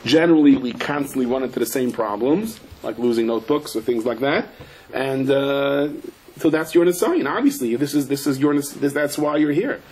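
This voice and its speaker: A man's voice: lively intonation, moderate pace, darkish tone, low-quality recording. A man teaching a Torah class. He tells stories animatedly, mixes in Hebrew and Yiddish terms, and acts out the people he quotes. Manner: voices quoted people in a raised pitch. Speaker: rabbi giving a Torah class. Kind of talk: storytelling Torah lecture.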